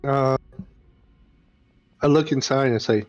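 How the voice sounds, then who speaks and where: A man's voice: mid-range voice, steady tone, slow pace, darkish tone. A man playing a tabletop game, talking hesitantly with many uhs and stammers as he acts out his character. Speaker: player. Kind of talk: tabletop role-play. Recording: dull lo-fi stream with faint music.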